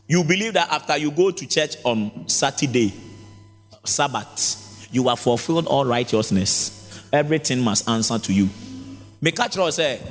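A man preaching with a lively, swooping voice that climbs into sing-song peaks. His somewhat high voice rings out in a large hall with a long echo, and faint music plays under him. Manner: animated preaching, mixing Twi and English, sing-song rises. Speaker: pastor. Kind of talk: sermon.

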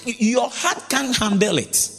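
A man's voice: extremely high pitch, slow, creaky, fairly bright tone, breathy edge. A man preaching a sermon as pastor, mixing Twi and English with sing-song rises. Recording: long reverb of a large hall.

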